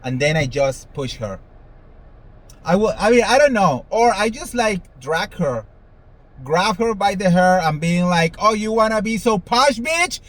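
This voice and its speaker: Sassy, animated gossip-host man. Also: on the high side, poor audio. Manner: animated, sassy, swears freely, dramatic voice swings. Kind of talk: casual commentary monologue.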